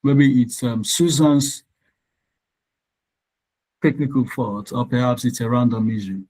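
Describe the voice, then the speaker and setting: A male tutor giving a live online lesson, talking students through exam questions at a measured, explanatory pace. His pitch sits in an ordinary middle range, and he stops now and then to check whether the class can hear him through his computer mic. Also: steady tone, a little mellow, poor audio.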